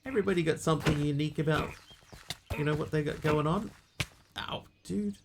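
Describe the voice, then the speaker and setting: A man's voice: on the high side, quick pace, background noise. A man playing a game on a live stream, chatting casually with viewers and yelping aloud whenever his character takes a hit.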